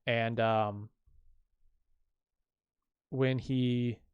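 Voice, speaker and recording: A man's voice: medium pitch, level tone, drawn-out words, smooth, dry recording, muffled recording. Chatty man walking through comic panels. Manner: chatty, explains panels with frequent restarts. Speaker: comic creator reading his own comic. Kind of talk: casual comic reading with commentary.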